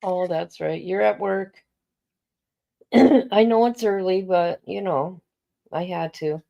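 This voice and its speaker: A woman's voice: on the low side, slow pace, gravelly, warm tone. A woman chatting casually on a live stream, rambling and talking to her viewers by name. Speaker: interview guest streaming live.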